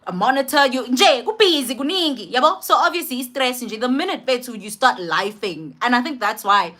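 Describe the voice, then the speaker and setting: A young woman with a South African accent who tells a personal story in a casual vlog, switching between English and Zulu in an animated, slangy way. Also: high-pitched, a little fast. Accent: South African, mixing in Zulu. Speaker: vlogger.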